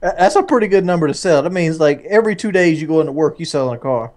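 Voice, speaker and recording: A male podcast co-host bantering and joking in a fast, slightly high voice. His talk is loose and casual. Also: expressive, darkish tone.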